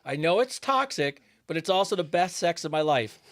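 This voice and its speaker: A man's voice: fairly high pitch, big pitch swings, normal speed, fairly bright tone. A man hosting a podcast, chatting casually and reading listener questions aloud.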